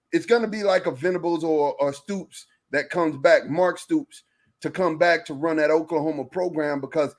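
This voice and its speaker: Man, podcast co-host, casual sports chat, animated, slightly high voice. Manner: animated, talks over partner, repeats phrases.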